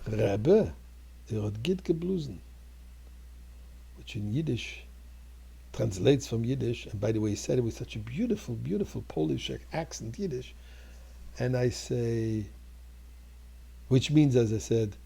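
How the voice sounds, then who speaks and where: An older male rabbi preaches and tells a story in a low, gravelly, husky voice. His tone is dark and mellow. He speaks earnestly and builds to fervent peaks. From Montreal. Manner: earnest, rising to fervent exclamations. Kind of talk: storytelling sermon.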